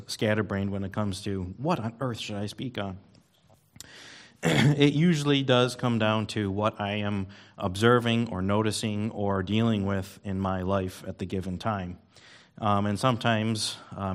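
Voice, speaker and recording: Rambling low-voiced man preaching. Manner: rambling, self-deprecating, many fillers. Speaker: lay preacher at church service. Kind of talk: casual sermon. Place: church sanctuary.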